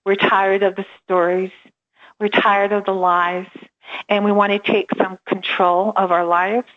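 A woman's voice: mid-range voice, little pitch movement, unhurried, highs cut off. A middle-aged woman, a coach interviewed as a guest, telling her story with energy, acting out quoted dialogue and laughing often.

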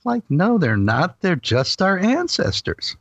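A man talks in an easy, explanatory way, his voice gravelly with a touch of fry. The sound is dry, with no room around it. It is also slightly muffled and lo-fi. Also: high voice, slow pace, no room sound. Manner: calm, explanatory, matter-of-fact. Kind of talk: casual conversation.

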